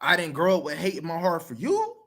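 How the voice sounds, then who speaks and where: Blunt, profane man with lively pitch. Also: fairly quick. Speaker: video commenter. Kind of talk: casual talk to camera.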